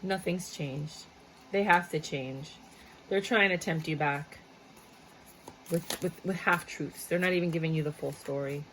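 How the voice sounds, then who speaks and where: During a casual tarot session for viewers, she stays blunt and talkative, dropping curses and frequent asides. Her low voice has a fairly bright tone and a measured pace, recorded at low quality with slight background noise.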